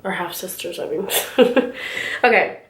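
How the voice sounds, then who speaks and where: Her voice low-ish, creaky, and a bit bright, a young Californian woman tells a filler-heavy story at a measured pace. She's a beauty vlogger doing her makeup at home in a casual get-ready-with-me chat, recorded in a roomy-sounding room.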